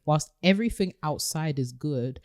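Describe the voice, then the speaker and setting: A woman's voice: low-pitched, animated, normal speed, darkish tone, dry recording, clean studio sound. A woman co-hosting a casual podcast, giving earnest, reflective advice. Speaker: podcast co-host.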